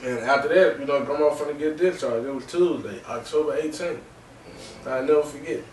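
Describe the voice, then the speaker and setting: A man hosting a podcast, recounting a personal story in a halting way, repeating phrases and filling gaps with "man" and "you know.". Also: on the high side, a little mellow, a little hiss or hum. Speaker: podcast host. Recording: roomy distant mic with faint ambience.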